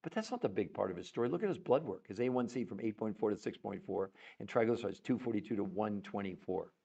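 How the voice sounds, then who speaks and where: A man hosting a live stream, chatting with viewers and greeting them by name in an excitable, animated way, laughing often. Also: on the low side, quick pace, gravelly, dull audio. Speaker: livestream host. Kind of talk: enthusiastic live-stream chat.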